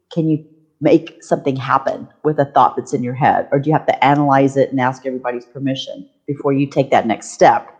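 A middle-aged woman hosting a podcast, telling stories in a casual, animated way and laughing often. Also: sits low, lo-fi sound. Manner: animated storyteller, laughs often, voices quoted people. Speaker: podcast host. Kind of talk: casual chat.

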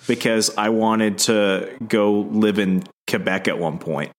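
A man co-hosting a casual podcast, halting and repeating words, self-mocking. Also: fairly low pitch. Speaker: podcast co-host. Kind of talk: casual chat.

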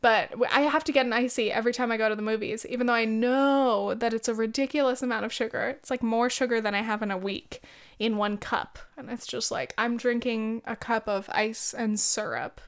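Young woman, twenties, podcast host, casual rambling chat, smooth voice, slightly high. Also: fairly even intonation, a little fast. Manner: rambling and candid, with many likes and ums.

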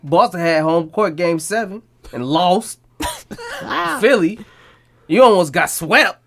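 A man's voice: high voice, sing-song, slow, a bit bright, a little hiss or hum, full character voice. A man doing a smug boastful basketball player.

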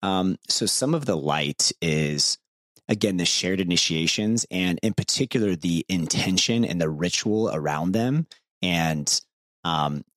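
A man's voice: deep voice, expressive, a little slow, fairly bright tone, no echo, clean studio sound. A man in his thirties co-hosting a podcast, candid and easygoing, and laughing often. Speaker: podcast co-host. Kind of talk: casual podcast conversation.

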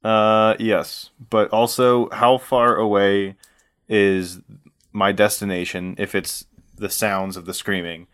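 A man taking part as a player in a tabletop game, joking and thinking aloud with halting speech. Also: on the low side, flat delivery, a bit bright, smooth. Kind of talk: casual chat.

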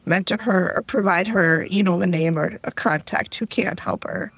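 A woman co-hosting a casual podcast, playful and quick with banter. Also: lowish voice, gravelly, slightly rough, no echo, poor audio. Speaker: podcast co-host. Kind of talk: casual chat.

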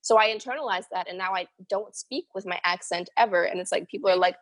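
A young woman from the Bahamas co-hosting a podcast, chatting in an animated way and saying "like" and "literally" a lot. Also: medium pitch, quick pace, hardly any pauses. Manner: animated, says "like" and "literally" often. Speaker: podcast co-host. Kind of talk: casual chat.

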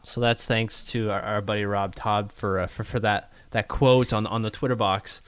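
A man's voice: on the low side, fairly even intonation, normal speed, clear, resonant tone, dry recording. A man co-hosting a casual sports podcast, chatty and rambling, often restarting his sentences. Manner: chatty, rambling, self-correcting. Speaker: podcast co-host.

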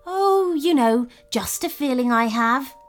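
A cheerful little male Christmas elf, coaxing and a touch mysterious, as a woman storyteller puts him on. The voice sits high and swoops lively, spoken at an unhurried pace in a storybook reading. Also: faint music behind. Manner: eager, pleading, a little mysterious.

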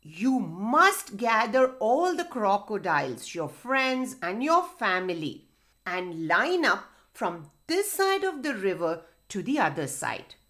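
A woman reading aloud as a small, clever male mouse deer, sly and boastful, with a bright, lilting voice that rises and falls. He speaks slowly and teasingly, in a sing-song storybook manner. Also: medium pitch, big pitch swings. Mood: scheming.

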